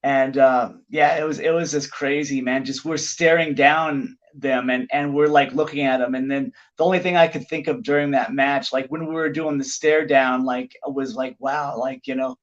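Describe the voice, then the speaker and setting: A middle-aged man, a pro wrestler guest on a podcast, telling anecdotes in an animated, casual way with lots of "like" fillers. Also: mid-range voice, moderate pace, hardly any pauses, highs cut off.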